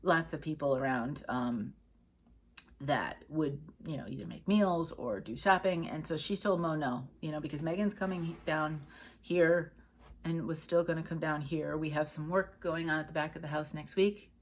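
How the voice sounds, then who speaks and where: A woman's voice: low voice, moderate pace, slight background noise. A middle-aged woman from Connecticut hosting a cross-stitch vlog, chatting in a rambling way with lots of fillers and restarts. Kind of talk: casual chat.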